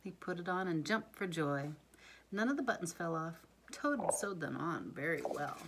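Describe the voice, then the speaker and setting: A woman reading a bedtime story aloud to her child in a soft, hushed voice, often dropping to a whisper. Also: fairly low pitch, expressive, moderate pace, very noisy.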